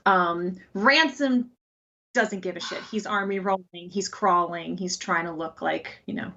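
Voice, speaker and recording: A woman's voice: medium pitch, pushed and bright, highs cut off. A woman narrating a tabletop horror game as game master, describing the action and calling for dice rolls.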